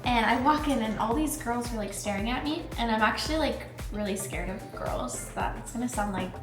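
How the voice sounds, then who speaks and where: A young woman co-hosts a relaxed chat over food, her high voice halting and rambling between constant fillers. The room has a strong echo, and music sits clearly in the background. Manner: hesitant, rambling, constant likes. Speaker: channel co-host. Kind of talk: casual sit-down chat while eating.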